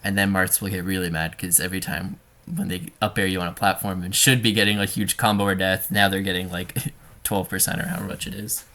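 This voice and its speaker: A man coaching a student over gameplay in a relaxed, talky way, full of fillers and restarts. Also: deep voice, fast.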